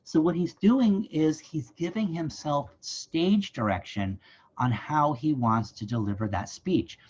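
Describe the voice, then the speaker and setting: A museum educator leads a virtual site visit at a library, giving a conversational history lesson and frequently checking in with "right?" His husky, darkish voice is a little high and measured in pace, and the recording sounds muffled.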